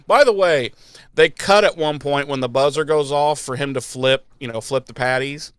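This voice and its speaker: Man, podcast host, casual recap, mock character voices, swearing, smooth voice, dry close sound. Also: mid-range voice, normal speed, no room sound. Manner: animated retelling with mocking quoted voices and swearing.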